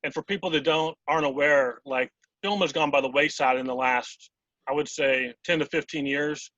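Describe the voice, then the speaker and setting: A man's voice: a little high, steady tone, moderate pace, sharp tone, no echo. A man hosting an interview, asking long, rambling questions full of fillers. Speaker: interview host. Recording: dull lo-fi dry audio.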